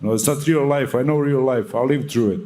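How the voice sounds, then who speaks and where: A man's voice: mid-range voice, fast, mellow. A young man answering at a boxing press conference, fiery, defiant and full of swearing.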